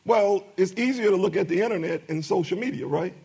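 A man's voice: high voice, fairly quick, creaky, dark tone, slightly rough, highs cut off. A middle-aged man preaching a sermon as pastor, with emphatic rising bursts and many repetitions.

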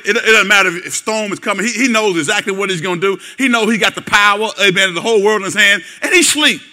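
A man preaching a call-and-response sermon, folksy and direct with the congregation, repeating words and building to shouts. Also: very high-pitched. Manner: folksy, talks straight to the congregation. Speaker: pastor.

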